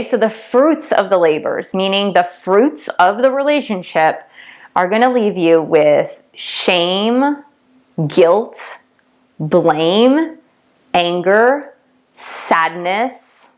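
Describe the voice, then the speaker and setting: A woman's voice: mid-range voice, animated, takes it slowly, a little mellow. A woman coach giving a casual teaching talk, emphatic, repeating key words and checking in with "okay?" and "right?". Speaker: twin flame coach and tarot reader.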